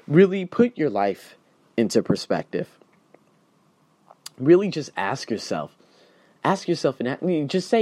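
A man talks through a solo podcast monologue with a lively, widely swinging pitch. He jumps from loud emphatic bursts down to hushed, reflective stretches. The sound is close and dry. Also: no room sound. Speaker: podcast host.

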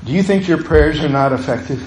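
A man's voice: a little high, animated, fairly quick, darkish tone, reverberant, a little hiss or hum, rough recording. A middle-aged man, a pastor, preaching a passionate sermon to his church that builds to urgent pleas.

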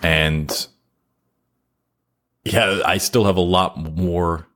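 A man with a very deep, low-pitched voice talks as a podcast guest. He explains his advice earnestly and deliberately, often pausing between his points. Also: steady tone, fairly bright tone. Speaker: podcast guest giving advice on content creation. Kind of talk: casual interview chat.

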